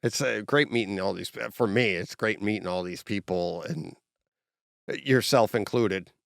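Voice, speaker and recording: A man's voice: on the low side, a little slow, creaky, fairly bright tone, no room sound, studio quality. A man hosting a podcast in casual chat, enthusiastic, laughing often and acting out quotes. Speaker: podcast host.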